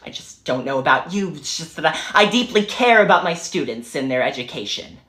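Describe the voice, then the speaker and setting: Woman playing a stuck-up teacher lady, low and slow, crisp bright tone, talks down to everyone. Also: animated, roomy sound. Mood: condescending. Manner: slow, haughty, clipped. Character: condescending female senior teacher, prim and icy.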